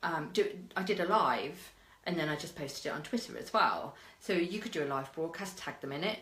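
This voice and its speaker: A British woman with a low-set but bright, clear voice that swings widely in pitch as she tells her story. She talks in a chatty vlog style, full of fillers and asides, and the room around her has a noticeable echo. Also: lively intonation, fairly quick. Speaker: marketing coach. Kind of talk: casual advice vlog.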